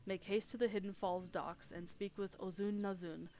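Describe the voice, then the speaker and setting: A woman reading the lines of an older male sea captain in a measured, formal way. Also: mid-range voice, steady tone, dark tone, a little hiss or hum, natural voice. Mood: courteous, concerned.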